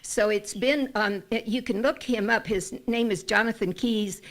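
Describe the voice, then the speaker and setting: A woman's voice: medium pitch, measured pace. A woman talking to a congregation about a friend, rambling and hesitant with many fillers. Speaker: congregation member making an announcement. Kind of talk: casual announcement to a congregation.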